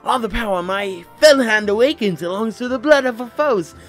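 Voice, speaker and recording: A man's voice: high-pitched, animated, normal speed, soft background music, voice pushed up. Casting: a man playing a bombastic young mage, wild swooping delivery. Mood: dramatic. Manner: bombastic, melodramatic. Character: theatrical young male mage, grandiose.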